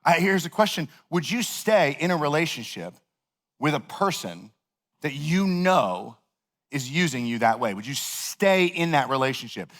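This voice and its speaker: Lively conversational man preaching. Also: a little high, moderate pace. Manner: animated, conversational, heavy use of "like". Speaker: pastor. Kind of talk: sermon with personal storytelling.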